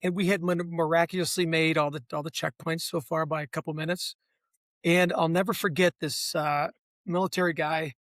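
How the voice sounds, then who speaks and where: High-voiced man telling his race story. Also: level tone, moderate pace, a bit bright, no echo. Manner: reflective storyteller. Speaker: race participant guest. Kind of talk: casual storytelling interview.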